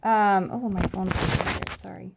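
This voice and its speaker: A woman pastor talks straight to camera in a relaxed, upbeat teaching style, her pitch sitting in a middle range. She keeps things chatty and friendly, dropping in frequent ums as she explains. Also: slow pace, creaky, heavy background noise. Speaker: pastor and host of a short church video series. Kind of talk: casual teaching talk to camera.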